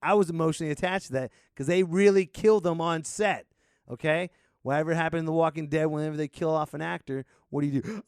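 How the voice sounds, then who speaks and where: A man delivers a comic rant as a podcast host, sarcastic and rambling. His voice sits a touch high, and he drops to mutters before jumping into loud bursts. The sound is dry and close. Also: fast talker, smooth, no echo.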